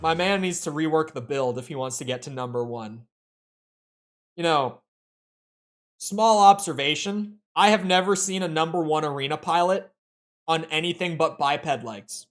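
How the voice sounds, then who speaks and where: A man with a Minnesotan accent and a slightly high voice chats loosely while streaming a game. He rambles and fills gaps with "like" and "um" as he goes. Soft music plays behind him. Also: moderate pace. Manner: rambling, filler-heavy, with frequent "like". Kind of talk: casual chat while playing.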